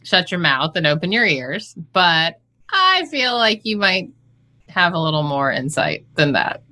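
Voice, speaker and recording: Woman host, low voice but bright and forceful, thinks out loud. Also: very animated, unhurried. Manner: thoughtful, hesitant with fillers. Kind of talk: casual chat.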